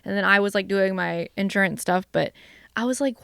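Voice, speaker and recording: A young woman co-hosting a casual podcast, telling animated, swear-filled stories full of "like"s. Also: mid-range voice, a little fast, gravelly, clear, resonant tone, no echo, studio quality. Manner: animated, profane storytelling with many "like"s. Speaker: vlogcast co-host. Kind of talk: casual chat.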